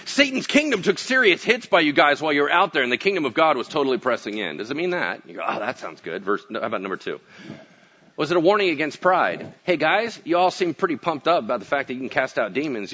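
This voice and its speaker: A male pastor preaching a casual sermon, telling stories with acted-out quotes and swinging from booming to hushed. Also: slightly rough, lo-fi sound.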